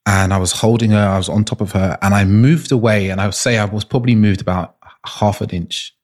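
A man's voice: on the low side, fairly even intonation, fairly quick, a little mellow. A man being interviewed as an intimacy coach, telling personal stories earnestly and restarting often. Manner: earnest, searching, frequent restarts.

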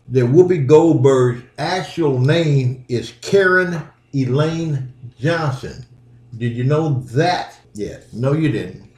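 A man's voice: medium pitch, mellow, reverberant. A middle-aged man hosting his own podcast, talking bluntly and casually and repeating himself for emphasis. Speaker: podcast host. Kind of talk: casual solo podcast commentary.

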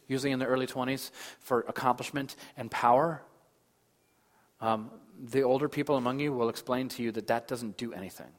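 A man in his thirties preaching a sermon as pastor, moving between loud emphasis and soft, hushed lines. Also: medium pitch, steady tone, a little fast. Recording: long hall reverb.

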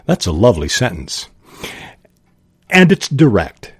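Slow, deliberate man explaining writing craft. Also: on the low side, very animated, breathy edge, no echo, studio quality. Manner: slow, thoughtful, with small restarts. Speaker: podcast host.

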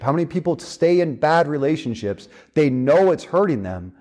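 A man delivers a sermon in a relaxed, conversational way, at a mid-range pitch. He talks plainly, with casual fillers and the odd restart. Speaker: preacher.

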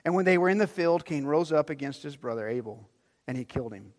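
Preaching man in a reverberant hall. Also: quick pace. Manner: animated storytelling, swings from loud emphasis to hushed low lines. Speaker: pastor. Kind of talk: sermon.

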